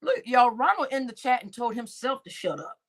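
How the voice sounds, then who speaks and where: A woman hosting a live stream, animated and exclaiming as she reacts to clips. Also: a little high, fairly quick. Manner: animated and exclaiming, laughs often.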